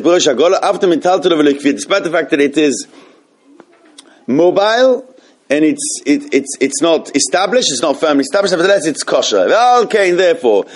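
A man with a slightly high voice teaches a class on Jewish law. He stumbles over restarts and keeps turning to the room with questions. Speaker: Torah teacher.

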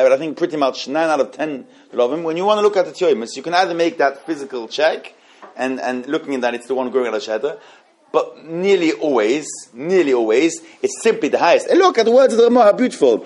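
Higher-voiced man teaching a text class. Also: a little mellow. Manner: explains texts slowly with many restarts and repeated phrases. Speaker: Torah teacher. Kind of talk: halachic class with questions.

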